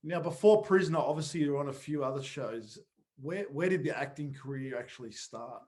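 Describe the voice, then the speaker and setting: A man's voice: fairly high pitch, fairly quick, darkish tone. Man asking casual interview questions. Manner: brief reactions, simple direct questions. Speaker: podcast co-host.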